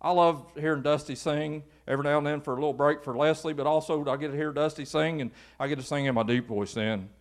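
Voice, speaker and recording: Male pastor, conversational sermon, slightly high pitch. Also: fast talker, hardly any pauses. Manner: folksy, conversational, rises to animated exhortation. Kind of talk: informal sermon.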